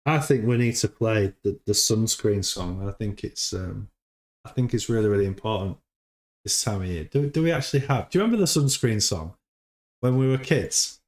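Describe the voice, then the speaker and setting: A man's voice: on the low side, expressive, normal speed. Rambling man hosting a stream. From United Kingdom. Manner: rambling, repeats words, laughs often. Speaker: livestream host. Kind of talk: casual livestream chat.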